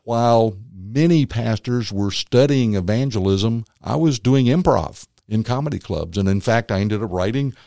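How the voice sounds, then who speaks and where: A man, a former magician and comedian turned minister, tells his faith story as an interview guest, animated and acting out the voices of others. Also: lowish voice, moderate pace, vocal fry, hardly any pauses, no echo, clean studio sound. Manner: animated storyteller who acts out quotes. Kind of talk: personal faith testimony in conversation.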